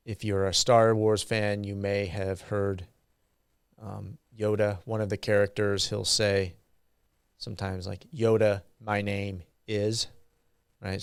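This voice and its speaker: A man giving a university grammar lecture, slow and halting with frequent ums and uhs. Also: on the low side, flat delivery, gravelly, dry recording, studio quality.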